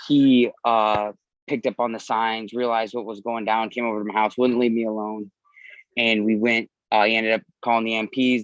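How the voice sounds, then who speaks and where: A man's voice: lowish voice, fairly bright tone, dry recording, dull audio. A man in his thirties, an army veteran, candidly telling his own story in a podcast interview and swearing freely.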